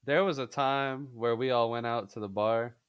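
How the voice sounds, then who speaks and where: A man's voice: medium pitch, steady tone, moderate pace, clean tone, dry recording. A man co-hosting a casual podcast, telling a story in a loose, profane way and laughing as he goes. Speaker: podcast co-host. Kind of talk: casual chat.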